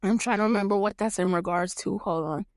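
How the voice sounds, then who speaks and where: A young New York woman hosts a podcast, her mid-range voice quick and captured in a dry, clean studio recording. She chats casually and animatedly, laughing a lot and cursing freely.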